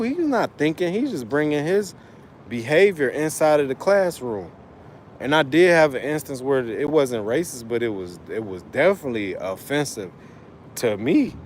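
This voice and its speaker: Dude ranting on his livestream, loose and cussing a lot, faint traffic hum behind him. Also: mid-range voice. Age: adult father of school-age kids. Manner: loose, profane, rambling and emphatic. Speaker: livestream host, trucker. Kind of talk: casual livestream chat.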